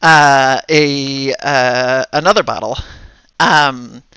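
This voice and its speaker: A man narrating a tabletop game as game master, halting and thinking aloud as he goes. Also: medium pitch, sharp tone, clean tone, no echo.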